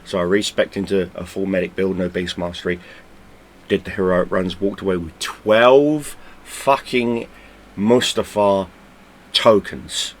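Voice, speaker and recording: A man's voice: sits low, a little slow. A man hosting a gaming channel, talking in a blunt, casual way full of swearing, often stumbling and repeating words. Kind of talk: casual unscripted vlog talk.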